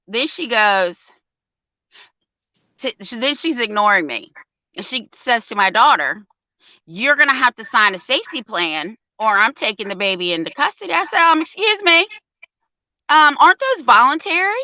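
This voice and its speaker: An older woman who is a parent advocate tells a story casually, animatedly acting out the voices of the people she quotes. Her voice is medium-pitched at normal speed, in a dry, muffled recording.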